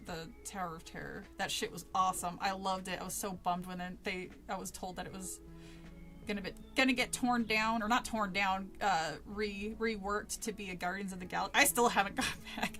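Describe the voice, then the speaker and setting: A woman's voice: mid-range voice, fairly bright tone. Laughing, rambling woman streamer. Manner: laughs often, swears freely, rambling asides. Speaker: streamer reading a horror book aloud. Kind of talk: casual live-stream reading with chat asides.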